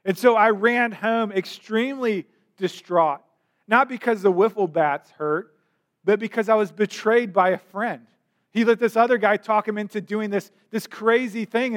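A male pastor preaching an earnest sermon in a church, rising to impassioned questions. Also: high voice. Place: church sanctuary.

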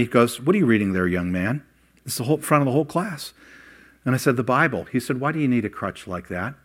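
An older man preaching a sermon, voice rising for emphasis and dropping low while he tells personal stories. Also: fairly bright tone. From Ohio. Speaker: pastor.

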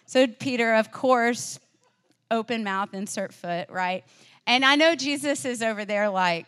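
A woman's voice: medium pitch, measured pace. Chatty woman preaching in a reverberant hall. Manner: casual, chatty storytelling with frequent "like" and "um"; swings between loud emphatic declarations and quiet asides. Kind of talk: sermon. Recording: long reverb, as in a large hall.

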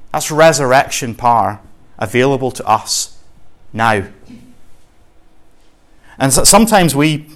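A man with a Scottish accent preaching a sermon in an earnest, conversational way, using homely examples. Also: mid-range voice.

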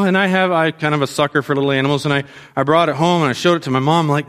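Children's pastor: male, high bright voice, animated, questioning the kids. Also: racing, clean tone. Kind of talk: sermon to children.

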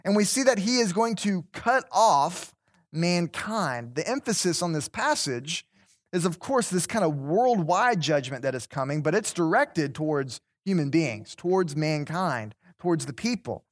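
A man leads a Bible class in a relaxed, conversational way, his voice sitting a little high. He stumbles over repeated words and keeps turning questions back to the listeners. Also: a little slow. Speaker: Bible study teacher. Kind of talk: interactive Bible class teaching.

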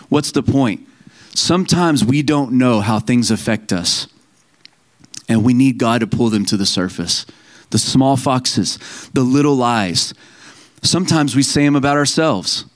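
A man's voice: medium pitch, measured pace. A man preaching a sermon in a conversational, storytelling way, quoting scripture and family members and laughing at himself now and then.

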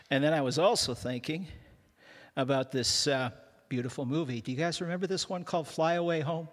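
An older man from Canada preaches to a church congregation with an easygoing, self-mocking humor. His voice sits at a middle pitch and trips over quick restarts. The sound carries a long reverb from the large hall. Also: steady tone, a bit bright. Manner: self-deprecating, joking, with frequent restarts. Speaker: guest pastor. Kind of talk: humorous sermon.

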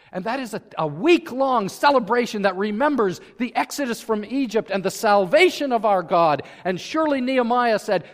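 A male pastor delivers a sermon to his congregation, earnest and at times fervent. His voice sits high for a man. The church hall around him rings with a long reverb. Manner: earnest, rising to fervent emphasis. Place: church sanctuary.

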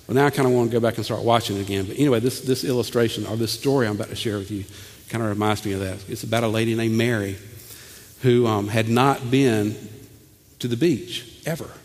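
A man, preaching a sermon in an animated way, stammering over repeated words and swinging from loud to hushed. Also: lowish voice, quick pace, long reverb tail. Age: 40s. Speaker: pastor.

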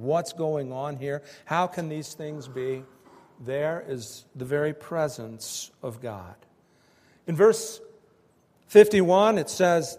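A man preaching a sermon in slow, emphatic phrases that swell and drop with pauses between them. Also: a little high, darkish tone, in a large hall. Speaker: pastor.

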